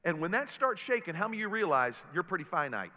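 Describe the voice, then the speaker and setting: A pastor preaches with a bright, forceful voice that sits high for a man. He tells stories with humor, and his words ring out through a large auditorium with a long reverb. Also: fast talker. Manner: animated storytelling preacher with humor. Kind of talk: sermon.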